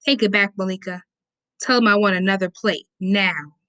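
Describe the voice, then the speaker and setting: A woman's voice: medium pitch, moderate pace, sharp tone, clear, resonant tone, no echo, close to an everyday voice. A woman voicing a bossy, bullying teenage girl in an audiobook reading, with a demanding, threatening delivery.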